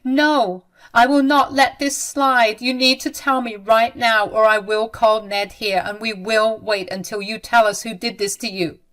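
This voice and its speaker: A woman's voice: fairly high pitch, fairly even intonation, measured pace, hardly any pauses, fairly bright tone. A woman voicing a caring young bride who speaks in an urgent, emphatic way. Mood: concerned, indignant.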